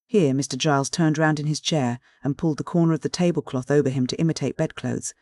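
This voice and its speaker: A male audiobook narrator reading a classic novel in a measured, steady way. His voice sits a little higher than most men's. The recording is close and dry, with no room sound. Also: dry recording.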